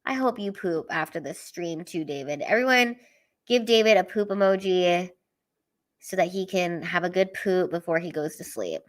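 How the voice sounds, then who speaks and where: A woman's voice: fairly low pitch, normal speed. A woman hosting a casual live stream, reading the chat aloud and giving a blunt, profane, earnest pep talk.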